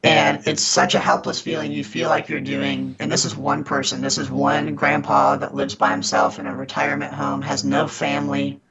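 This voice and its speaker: A man's voice: mid-range voice, level tone, normal speed, creaky, hardly any pauses, muffled recording, over a noisy crowd. A man guest on a podcast, earnestly telling stories of fighting scammers, often restarting his sentences. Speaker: podcast guest, scam baiter. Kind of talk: casual interview storytelling.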